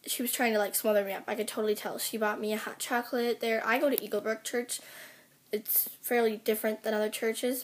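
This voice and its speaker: A teenage girl venting to her camera in a rambling, upset way, full of fillers. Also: on the high side. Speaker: vlogger. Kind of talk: personal rant to camera.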